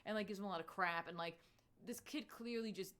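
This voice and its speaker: A woman co-hosting a comics podcast, casually recapping a book in a chatty, filler-heavy way with lively swings in pitch. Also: brisk.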